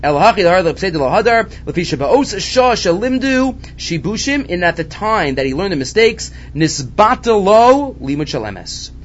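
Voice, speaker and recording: A man teaching a Talmud lesson, animated and repeating his key points. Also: high-pitched, moderate pace, few pauses. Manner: animated, repeats key points, mixes Hebrew and Aramaic terms. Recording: dull lo-fi recording with faint background noise.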